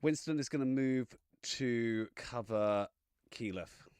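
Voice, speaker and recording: A man's voice: mid-range voice, slow, darkish tone, clear, resonant tone, no echo. A man playing a tabletop game, announcing his character's actions step by step in third person, playful in manner. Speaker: player.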